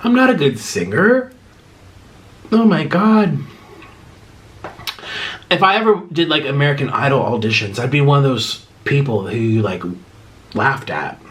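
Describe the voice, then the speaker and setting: A man's voice: mid-range voice, lively intonation, a little slow, long pauses, a bit bright. A man vlogger eating on camera and rambling emotionally through fan questions in casual chat.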